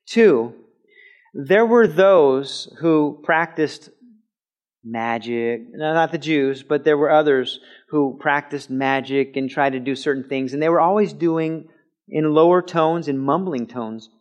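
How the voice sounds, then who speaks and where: A man preaching in a church sanctuary, teaching in a conversational way and breaking into loud shouted quotes now and then. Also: on the high side, slow. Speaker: pastor. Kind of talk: sermon. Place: church sanctuary with a mic system.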